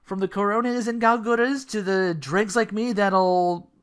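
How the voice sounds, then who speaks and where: A man's voice: high-pitched, fairly even intonation, normal speed, fairly bright tone, clear, resonant tone. A man hosting his own podcast, talking alone in a rambling, self-deprecating way and often tripping over his words. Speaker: podcast host. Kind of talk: casual solo podcast monologue.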